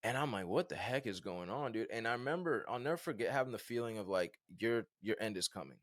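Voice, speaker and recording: A man in his thirties from Virginia, a podcast guest telling a personal story in an animated, casual way with lots of fillers. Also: fairly low pitch, fast talker, no echo, studio quality. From Virginia, USA. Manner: animated, conversational, many fillers like "like" and "bro".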